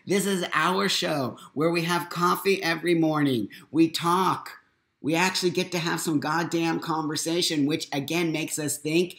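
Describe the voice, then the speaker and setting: A man's voice: a little high, fairly bright tone. Blunt, profane middle-aged man, roomy echo. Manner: blunt, profane and emphatic, repeats lines for force; boisterous. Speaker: host of a live morning talk stream. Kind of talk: unscripted live monologue. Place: his home.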